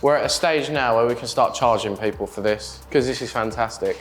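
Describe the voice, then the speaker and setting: A man's voice: mid-range voice, a little fast, roomy sound, faint music behind. A man co-presenting a car vlog as a guest, casual and dry, teasing his co-host. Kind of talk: casual banter.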